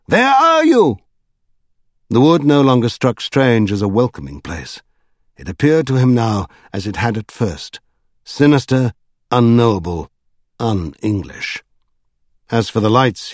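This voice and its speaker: Man narrating an audiobook, steady measured telling, dry close sound. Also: medium pitch, dry recording. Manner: measured storytelling. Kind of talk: scripted narration.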